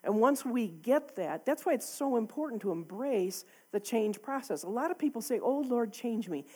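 Husky-voiced woman preaching a sermon. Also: a little high, expressive, moderate pace, mellow. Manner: candid, conversational, often laughing.

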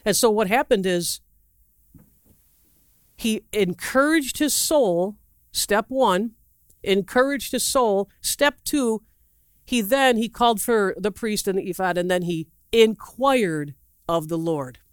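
Preacher, mid-pitched, dry close sound, rambling animated sermon storytelling with acted quotes. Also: slow, smooth, dry recording. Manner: asks the audience questions directly; loose, rambling delivery with restarts and asides.

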